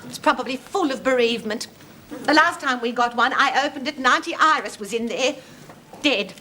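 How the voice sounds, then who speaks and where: A woman's voice: high-pitched, moderate pace, natural voice. A woman playing a dotty Aussie housewife. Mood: dithering. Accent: Australian. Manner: fluttery, giggly. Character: dotty scatterbrained middle-aged Aussie housewife, chirpy. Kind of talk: sitcom acting. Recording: noisy TV soundtrack.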